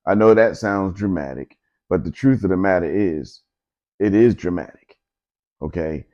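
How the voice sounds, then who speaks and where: Male podcast host, very low voice, emphatic and repetitive delivery, slightly muffled lo-fi sound. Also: darkish tone. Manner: emphatic, repetitive, conversational with frequent filler asides. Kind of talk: opinionated solo podcast commentary.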